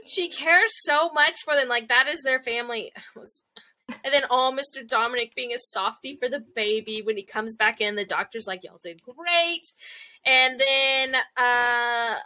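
Young woman rambling about an episode, bright slightly high voice, lots of likes. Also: normal speed. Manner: chatty, many fillers, acts out quotes. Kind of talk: casual chat recapping an anime.

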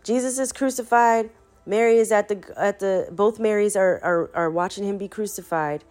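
A woman's voice: mid-range voice, normal speed, a little mellow. A sick young woman casually retelling a spiritual story, rambling and profane, talking straight to her listeners. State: sick, foggy-headed.

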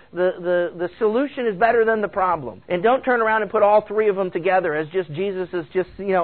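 A man pastor preaching a conversational sermon, stumbling into restarts and acting out quoted asides. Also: sits high. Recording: phone-like radio broadcast.

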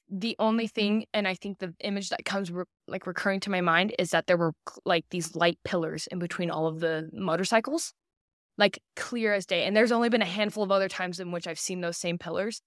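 An earnest young woman in her twenties tells her own story as a podcast guest, slipping into the voices of the people she quotes. Her voice sits at an everyday middle pitch. The room is dry and close. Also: brisk, no room sound. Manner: earnest, acts out quoted dialogue. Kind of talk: personal storytelling in an interview.

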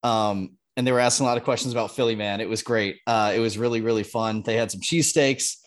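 A man telling a story casually on a podcast, relaxed and loose, with lots of fillers. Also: fairly low pitch, fast. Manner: laid-back, loose with fillers like "um" and "like". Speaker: podcast regular.

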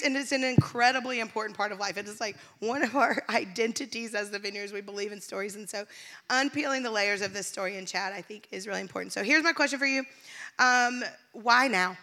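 A woman's voice: a little high, bright, forceful tone. A woman pastor speaking candidly to her church, emotional and laughing often. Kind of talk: sermon-style church announcement. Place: church stage.

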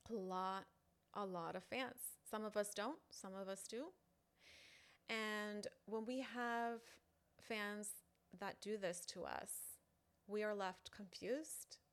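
Woman, online content creator, casual talk to fans, halting, lots of fillers, mid pitch. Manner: chatty, halting, full of "you know" fillers. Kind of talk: casual direct-to-camera talk.

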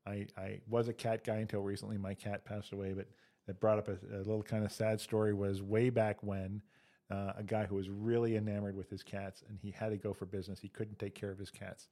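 A man's voice: lowish voice, little pitch movement, a little fast, dark tone. A man co-hosting a comedy podcast, chatting casually and telling dad jokes and long joke stories. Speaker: podcast co-host.

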